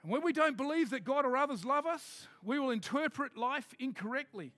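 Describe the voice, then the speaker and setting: A man preaching a sermon, emphatic, switching between quick asides and slow, loud declarations. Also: extremely high pitch, animated, no room sound, faint music behind.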